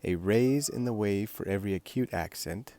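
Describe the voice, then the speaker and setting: A man's voice: fairly low pitch, moderate pace, mellow. A man explaining a writing exercise step by step, in a patient instructional manner. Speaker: language teacher.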